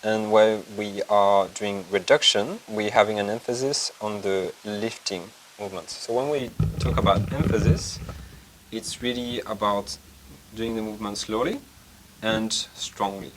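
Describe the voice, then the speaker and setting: In a rough recording, a French-native acupuncture lecturer calmly and methodically demonstrates technique for clinical teaching, stopping now and then as he searches for words. He speaks slightly low, and a faint room hum runs underneath.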